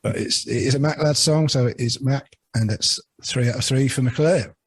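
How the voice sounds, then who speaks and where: Husky man running a podcast quiz. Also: mid-range voice, moderate pace. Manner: jokey, teasing. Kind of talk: casual chat, reading out song lyrics.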